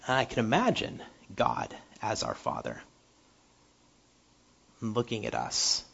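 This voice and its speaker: A male preacher delivers a sermon in a husky, slightly breathy voice, stumbling over repeated words as he builds up and then sinks to a hush. The recording sounds dull and lo-fi. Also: lowish voice, huge pitch swings, slow, long pauses.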